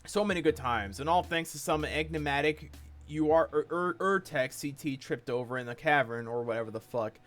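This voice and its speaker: A man's voice: a little high, normal speed, fairly bright tone, soft background music, lightly acted. A man reading aloud as a laid-back, chummy alien friend in a webcomic chat, in a casual, slangy voice.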